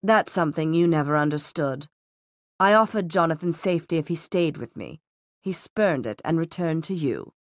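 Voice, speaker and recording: A woman doing a cold, low-voiced villain man. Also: no echo, studio quality. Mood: cold disdain. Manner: calm, cutting, measured. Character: cold ruthless middle-aged male villain.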